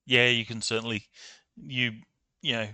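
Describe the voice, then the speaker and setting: A man's voice: medium pitch, steady tone, normal speed, pushed and bright, no room sound. A man narrating a tabletop game as game master, hesitant, with many ums and uhs.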